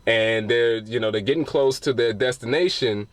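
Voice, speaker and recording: This movie reviewer speaks at a moderate pace in a medium-pitched voice, with no echo on the recording. His spoiler recap is casual and sprinkled with cursing, and he keeps restarting his thoughts.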